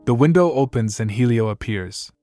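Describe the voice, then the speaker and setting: A man's voice: medium pitch, lively intonation, normal speed, dark tone, no echo. A man reading a story recap as narrator, voicing every character's lines in the same plain tone, recorded dry as a voice-over with light music behind.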